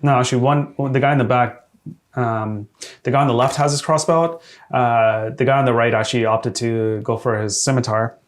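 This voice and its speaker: A man running a tabletop game as game master, hesitant with many fillers and quick to laugh. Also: mid-range voice, fairly even intonation.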